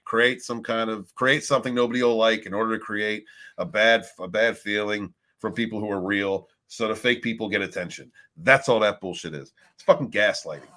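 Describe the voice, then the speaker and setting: A man hosting a podcast in casual chat, animated and rambling with restarts and frequent swearing. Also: lowish voice, brisk. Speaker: podcast host.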